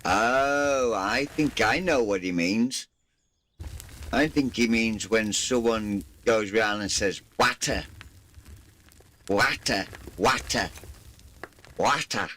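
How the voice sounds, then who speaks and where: A man's voice: on the low side, slow pace, fairly bright tone. A man chatting casually and jokingly with viewers while streaming a game, playfully teasing and putting on mock indignation.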